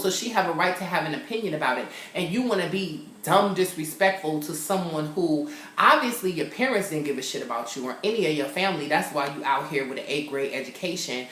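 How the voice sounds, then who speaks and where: Sassy, animated man in an echoey room. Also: high voice. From California. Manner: animated, sassy, acts out characters in quotes. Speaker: TV show reviewer. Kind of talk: casual chat. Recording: roomy echo.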